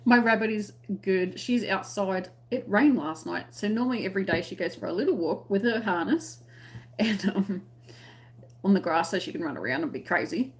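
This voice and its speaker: On her crochet live stream, an Australian woman with a middle-pitched voice chats casually and reads viewers' comments as they come in. She's animated and speaks at a moderate pace, keeping things light and friendly with frequent laughter.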